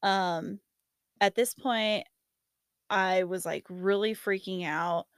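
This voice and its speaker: A woman's voice: medium pitch, steady tone, slow pace, clear, resonant tone, no room sound, studio quality. A young woman telling a long personal story in casual chat, laughing often and acting out what others said. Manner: laughing storyteller, lots of fillers, acts out quotes.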